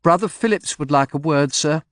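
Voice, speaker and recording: A man's voice: on the high side, normal speed, dry recording, clean studio sound, voice pushed up, close to an everyday voice. A man voicing a nervous, deferential law clerk. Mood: flustered. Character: nervous little male clerk, flustered.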